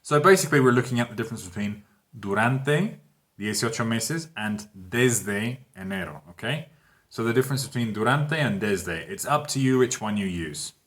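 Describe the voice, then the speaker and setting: A man, teaching a grammar lesson in a relaxed, patient way and often checking in with his students. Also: mid-range voice, normal speed. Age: 30s. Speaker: English teacher. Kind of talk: casual online grammar lesson.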